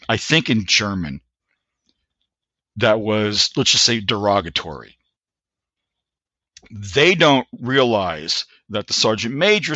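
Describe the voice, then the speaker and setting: A man in his sixties, an army veteran, telling a story casually in halting phrases with frequent restarts. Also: fairly low pitch, sharp tone, dry recording. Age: 60s.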